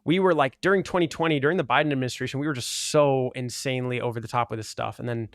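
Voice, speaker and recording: A man's voice: medium pitch, steady tone, quick pace, no echo. A man talking earnestly and argumentatively in casual commentary over gameplay, with lots of "like" fillers. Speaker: gaming video creator.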